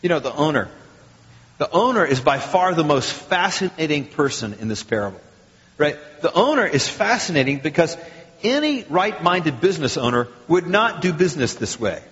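A male pastor giving a sermon, with lively rhetorical questions and acted quotes. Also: on the high side, normal speed. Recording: muffled sound with long hall reverb.

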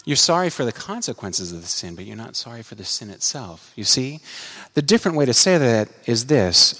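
A man preaching a sermon, earnest, climbing to emphatic peaks and dropping low for quiet asides. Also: sing-song, brisk, hardly any pauses, big-room sound. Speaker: pastor.

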